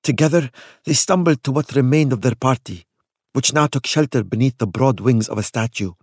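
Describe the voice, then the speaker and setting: A man reading a dark tale aloud in a measured, dramatic narration. His pitch sits in the middle range. He was recorded close on a studio mic with a dry, deadened sound. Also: husky, no room sound.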